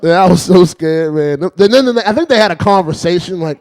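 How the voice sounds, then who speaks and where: A man's voice: on the high side, animated, normal speed, few pauses, a little mellow. A man doing a rambling stand-up routine, chuckling between lines and repeating "you know what I mean". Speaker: stand-up comedian.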